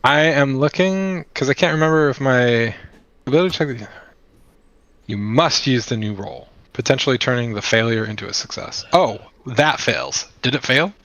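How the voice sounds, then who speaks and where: A chatty male player in a tabletop game who muses aloud and laughs things off. His voice sits at an ordinary middle pitch. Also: lively intonation, moderate pace, a bit bright, lo-fi sound. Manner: chatty, laughing, self-deprecating. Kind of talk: casual tabletop play.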